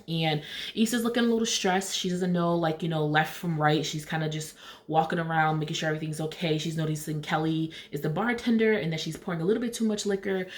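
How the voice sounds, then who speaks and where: A woman's voice: low voice, fast talker. A woman casually recapping a TV episode, chatty, retelling scenes in paraphrased dialogue. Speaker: TV recap vlogger.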